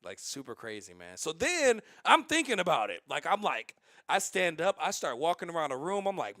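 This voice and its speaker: A man streaming and telling stories in a casual, rambling, animated way, with many restarts. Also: fairly high pitch, normal speed, no room sound, studio quality. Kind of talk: casual livestream storytelling.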